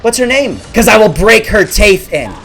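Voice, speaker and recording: A man's voice: high-pitched, sing-song, fairly quick, soft background music, voice pushed up. A young man quoting an odd, pushy teenage girl classmate in a blunt, offhand way.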